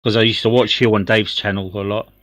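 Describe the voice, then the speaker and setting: A man's voice: fairly low pitch, flat delivery, fast, fairly bright tone, dry recording. Man, dry teasing banter, casual group chat, close dry recording. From England. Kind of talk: casual chat among friends.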